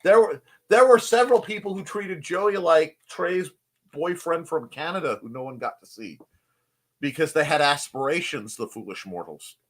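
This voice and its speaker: A man's voice: a little high, moderate pace. A man hosting a casual live stream from his home desk, rambling and joking and greeting people in the chat. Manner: rambling, jokey, greets chatters.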